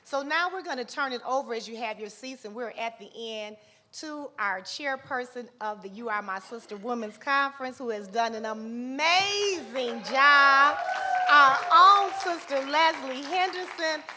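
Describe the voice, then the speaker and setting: A woman's voice: high voice, a little slow, background noise. A woman emceeing a church women's conference in a church hall, rallying the audience in an upbeat way as she introduces the next speaker. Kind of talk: church event hosting.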